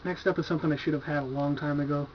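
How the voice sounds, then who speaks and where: Casual, profane man, higher-pitched voice. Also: steady tone, rapid-fire, noisy background. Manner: laid-back, profane, enthusiastic, filler-heavy. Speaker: horror movie collector reviewing his purchases. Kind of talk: casual video review. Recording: dull lo-fi home video recording.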